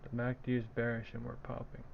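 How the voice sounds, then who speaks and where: A man out of breath, giving flat, muttered commentary on stock charts during a live trading stream. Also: mid-range voice, fast talker, gravelly, dull audio, slight background noise.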